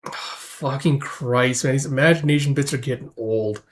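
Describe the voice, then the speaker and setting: A man's voice: mid-range voice, normal speed. A man casually recapping a comic chapter aloud, with sardonic asides and some swearing. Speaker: comic reader and commentator.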